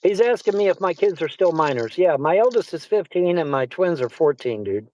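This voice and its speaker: A man's voice: on the high side, lively intonation, a little fast, a little mellow, low-quality recording. A man hosting a casual chat, rambling and repeating himself, swearing often. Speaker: livestream host. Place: Arizona.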